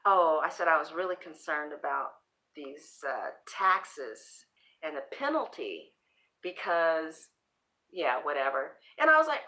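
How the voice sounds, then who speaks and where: A woman's voice: low-pitched, sing-song, a little slow, sharp tone. A woman hosting a casual motivational monologue on self-esteem, sassy and preachy, swearing freely and acting out pep talks to herself. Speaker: tarot channel host giving self-esteem talk.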